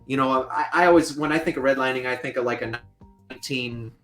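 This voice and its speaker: A man speaking as a guest on a podcast interview, mid-pitched and emphatic. He explains his points with conversational force and throws in the odd joking aside. Soft music sits faintly under his voice. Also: quick pace. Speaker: guest, fair lending consultant.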